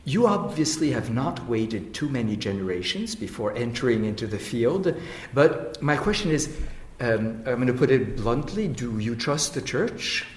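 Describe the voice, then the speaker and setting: A man's voice: mid-range voice, lively intonation, normal speed, roomy sound. A man moderating a panel, asking probing questions in a hesitant way.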